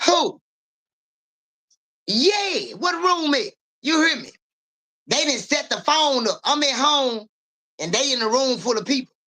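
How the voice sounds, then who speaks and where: Bright-voiced woman telling a lively story. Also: on the high side. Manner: animated, profane, talks straight to viewers. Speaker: live-stream psychic reader. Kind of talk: casual live-stream storytelling.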